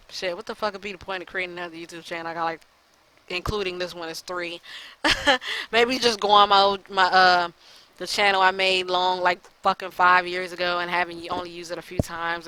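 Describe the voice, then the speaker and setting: A woman with a lowish, forceful, bright voice rants to her viewers, fed up and upset. She talks bluntly and swears freely, stumbling over fillers as she vents. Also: a little hiss or hum, poor audio. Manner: frustrated, blunt and profane, with many fillers. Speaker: gaming YouTuber. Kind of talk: casual rant to the camera.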